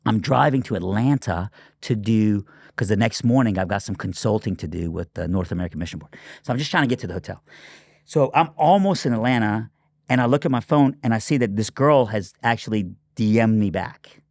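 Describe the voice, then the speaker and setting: Lively, low-voiced storytelling pastor. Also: male voice, fairly quick, no room sound, clean studio sound. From Iran. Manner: animated, lots of fillers and acted quotes. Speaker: pastor and guest. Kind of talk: storytelling in an interview.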